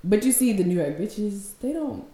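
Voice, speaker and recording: A woman's voice: mid-range voice, expressive, normal speed, mellow, echoey room. A woman podcast co-host in casual chat, reacting with laughter and giving book recommendations.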